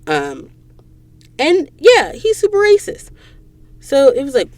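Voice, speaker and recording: A woman from Georgia hosting a podcast, retelling a novel's plot in an animated, gushing way with quick asides to listeners. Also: medium pitch. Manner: animated, gushing storyteller, slips into whispers and asides. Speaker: podcast host. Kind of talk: casual book recap. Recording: dry close recording booth.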